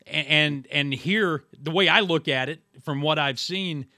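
A male podcast host with a bright, forward tone who asks reflective questions and sometimes restarts his phrasing. The sound is close and dry. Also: fairly high pitch, a little slow, dry recording. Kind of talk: interview questions.

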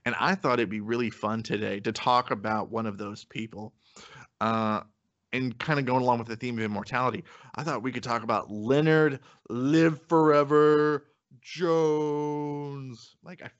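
A man's voice: fairly low pitch, steady tone, fairly quick, a bit bright, lo-fi sound. A man hosting a podcast, talking casually with lots of fillers and easy laughs. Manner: chatty, loose, laughs often, many fillers. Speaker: podcast host.

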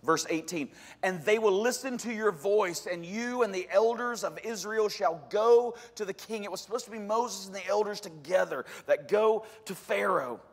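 A man preaching a sermon as a pastor, animated, with joking asides and sudden loud emphasis. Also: sits high, moderate pace, in a large hall.

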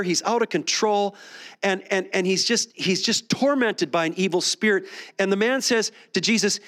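High-voiced man preaching a sermon. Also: a bit bright. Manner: conversational preaching with many restarts. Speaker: pastor. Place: church sanctuary.

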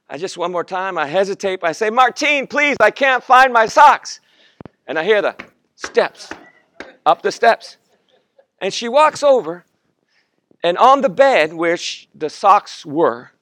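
A man's voice: high voice, a bit bright, no echo. A man in his fifties, a guest pastor, preaching a sermon and telling a personal story with acted-out quotes, stumbling and restarting often.

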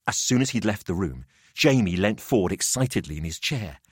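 A man's voice: deep voice, big pitch swings, breathy edge, no echo, studio quality. A man reading a macabre story aloud as narrator. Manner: measured storytelling. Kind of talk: audiobook narration.

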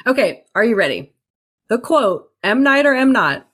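A woman's voice: fairly high pitch, sing-song, normal speed, slightly rough. A woman co-hosting a casual podcast, playfully running a quiz game and teasing the others. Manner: playful, teasing, laughs often. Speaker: podcast co-host, game quizmaster. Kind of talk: casual chat.

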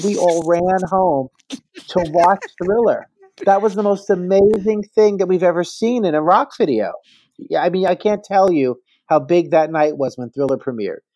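A man in his fifties from New Jersey, a stylist telling animated, gossipy anecdotes as a guest on a casual podcast. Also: fairly high pitch. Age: 50s. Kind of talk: casual interview storytelling.

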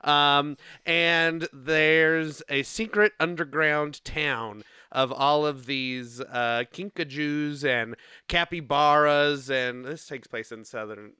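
A man with a bright, crisp voice and a steady middle pitch rambles through a story, laughing often and filling pauses with "um" and "like". The sound is close and dry, with no room around it. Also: no room sound. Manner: rambling and playful, laughs often, many fillers. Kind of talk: casual chat, rambling plot retelling.

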